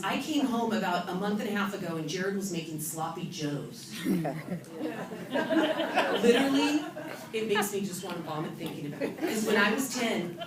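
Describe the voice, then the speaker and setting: A California author and event speaker gives a humorous motivational talk to an audience in an event hall, telling lively, self-mocking stories about herself in a mid-range voice. The recording is noisy and echoey, captured from a distant mic.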